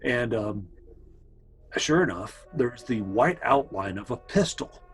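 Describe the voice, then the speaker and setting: This low-quality clip, with a little hiss or hum, catches a man of medium pitch speaking slowly and with animation. He's a family storyteller recounting old tales to his brother in a loose, wandering way, addressing him in asides.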